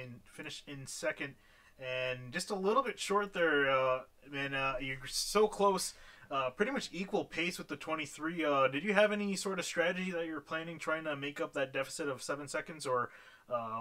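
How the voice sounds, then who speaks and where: Cheerful male post-race interviewer, bright tone, a bit high, loose and chatty. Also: a little fast. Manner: filler-heavy, upbeat, laughs at his own slips.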